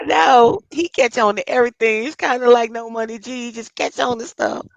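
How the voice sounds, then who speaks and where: A woman's voice: fairly high pitch, fairly even intonation, normal speed, vocal fry, no room sound, highs cut off. A woman co-hosting a casual live stream chat, teasing playfully and laughing often while she packs things with tape. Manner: busy packing items with tape while talking.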